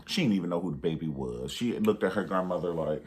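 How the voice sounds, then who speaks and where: A man with a deep, slightly mellow voice reviews a movie in a casual monologue, talking fast and expressively. He's sassy and emphatic, repeating himself for effect and tossing out pet names.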